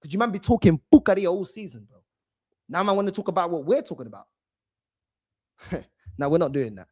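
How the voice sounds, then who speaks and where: A man's voice: high-pitched, a little fast. A man hosting a fan channel and mocking a video in heated, slangy reaction commentary. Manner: mocking, loud and animated, slangy, repeats "bro".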